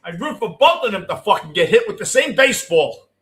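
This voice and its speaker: A middle-aged man with a New York accent ranting as a postgame show host, cursing and swinging between yelling and muttering. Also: high voice, big pitch swings, brisk. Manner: profane, swings from shouting to muttering. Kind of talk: ranting fan commentary.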